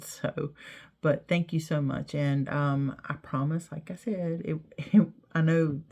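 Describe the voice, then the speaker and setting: A woman's voice: low-pitched, creaky, dark tone, dull audio. A middle-aged woman talks to her viewers in a casual, heartfelt way, rambling and repeating herself with many "you know"s. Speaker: vlogger. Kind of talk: casual heartfelt talk to camera.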